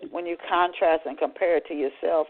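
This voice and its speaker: A man's voice: fairly high pitch, fairly even intonation, brisk. A man hosting a radio interview, asking long, rambling questions full of restarts, heard over a phone line. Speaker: radio show host.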